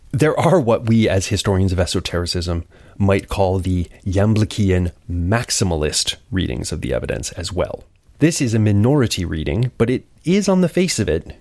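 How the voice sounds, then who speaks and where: A man's voice: deep voice, darkish tone, no echo. A man hosting a podcast, delivering a scripted lecture with wry, conversational asides. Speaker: podcast host.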